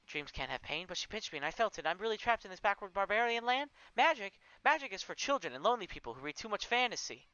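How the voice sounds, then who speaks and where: A man voicing a shaken young man trapped in a strange fantasy world, speaking in loud, alarmed outbursts. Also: sits high, sing-song, fast talker, hardly any pauses, smooth, no room sound, highs cut off, pitched above the performer's own voice, heavily acted. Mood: panicked.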